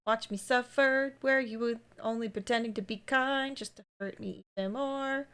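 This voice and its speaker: A woman's voice: a little high, fairly even intonation, normal speed, pushed and bright, smooth. A woman reading out the lines of a heartbroken, betrayed young woman from a game, pleading and then bitterly accusing.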